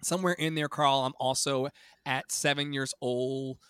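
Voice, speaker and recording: A man in his thirties from Virginia, a singer and podcast guest, telling his life story in a dramatic, animated way and swearing freely. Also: mid-range voice, moderate pace, smooth, no echo. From Virginia, USA. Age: 30s. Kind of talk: storytelling interview.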